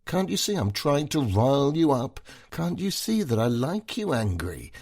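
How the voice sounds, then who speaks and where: A man voicing a tipsy, sharp-tongued corporate wife who mocks and taunts her husband in a slurred voice. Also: medium pitch, very animated, moderate pace, breathy edge, pitched above the performer's own voice. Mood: taunting.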